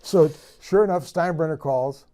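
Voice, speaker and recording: A man who is a guest sportscaster, telling an anecdote in relaxed, casual talk and stopping now and then to correct himself. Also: a little high, normal speed.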